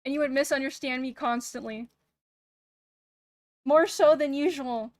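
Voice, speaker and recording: A young woman streaming casual chat, soft-spoken and a bit monotone, rambling and pausing every few words while she thinks. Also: sits high, no room sound, clean studio sound. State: sick. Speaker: VTuber streamer. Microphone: streaming mic with noise gate.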